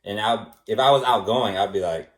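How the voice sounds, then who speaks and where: A man in a casual rambling monologue who shrugs things off in soft, dismissive replies. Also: fairly low pitch, fairly quick. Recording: roomy echo.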